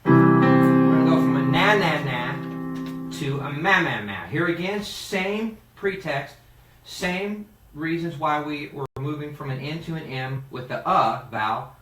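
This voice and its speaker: Animated male vocal coach in a roomy studio. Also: on the high side, measured pace. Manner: animated, demonstrates exercises by singing. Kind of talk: singing lesson. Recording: roomy, mic at a distance, piano playing.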